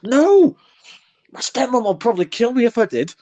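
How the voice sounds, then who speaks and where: A British man from Britain with a very high, sing-song, dark-toned voice talks at normal speed over an online call. He co-hosts a casual online podcast, speaking bluntly and rambling with British slang.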